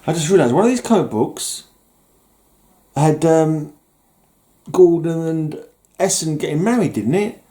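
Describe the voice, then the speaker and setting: A man's voice: on the high side, expressive, measured pace, pauses often, mellow. A man chatting casually about his comics, rambling and joking at his own expense. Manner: rambling, jokey, self-mocking with mock-villain bluster. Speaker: comic collector vlogger. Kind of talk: casual chat.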